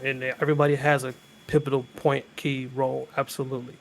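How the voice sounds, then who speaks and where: A man guest-hosting a podcast in casual chat, talking in an emphatic, animated way. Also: mid-range voice, fast, vocal fry, a little hiss or hum.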